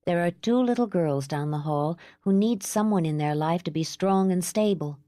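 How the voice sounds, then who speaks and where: A gentle young mother, numb inside, voiced by a female narrator, speaks quietly and evenly in a lowish voice. Every word is measured and composed. The audiobook sound is dry and close. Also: no room sound, lightly acted. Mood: calm.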